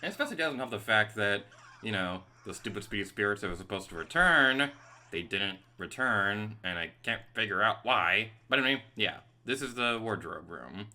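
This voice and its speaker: A male let's play host talks over his gameplay in a very bright, forceful voice. His pitch leaps around animatedly. He sounds excitable and quick to vent at the game. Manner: excitable, venting frustration at the game. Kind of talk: gameplay commentary.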